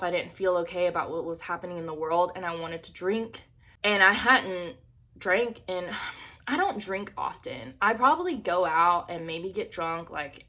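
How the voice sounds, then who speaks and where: A woman's voice: on the low side, a bit bright. Candid young woman vlogging from her bedroom. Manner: candid, swearing freely, rambling with lots of "like". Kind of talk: casual chat to camera. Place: bedroom at home.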